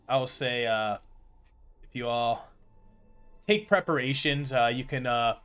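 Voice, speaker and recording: A man's voice: medium pitch, clean tone. Easygoing male game master, loose unscripted narration, plenty of uhs. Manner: relaxed, filler-heavy narration.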